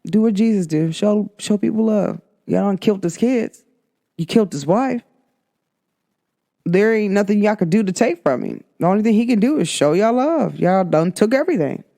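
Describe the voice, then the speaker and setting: A young woman hosts her own spiritual show in a relaxed, chatty vlog style. She circles back on her points over and over and keeps calling out to her viewers as she delivers the week's energy read. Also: medium pitch, normal speed, vocal fry. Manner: chatty, repetitive, emphatic with frequent "like" and "guys". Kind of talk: casual spiritual vlog talk.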